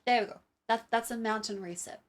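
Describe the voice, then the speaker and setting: A woman's voice: fairly high pitch, brisk. A young adult woman streamer chatting casually and rambling, with many fillers and some swearing, while testing tracking gear. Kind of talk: casual live-stream chat.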